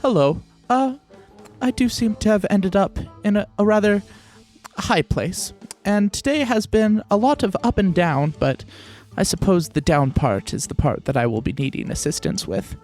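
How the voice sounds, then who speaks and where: A soft-spoken, courteous teddy bear voiced by a man, a touch higher than a man's usual voice. He rambles politely and loses his thread. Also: expressive, moderate pace, faint music behind. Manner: polite, rambling, mildly muddled. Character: gentle, polite, slow-witted old teddy bear.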